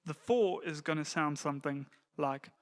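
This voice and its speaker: A man giving a relaxed, plain-spoken lesson to church volunteer musicians, now and then counting beats aloud. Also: a little high, moderate pace. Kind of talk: casual instructional talk.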